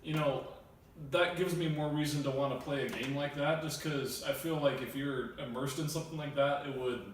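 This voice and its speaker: A young man musing about movies in a relaxed, casual roundtable chat. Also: mid-range voice, normal speed. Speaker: film reviewer. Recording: echoey room, distant mic, faint hiss.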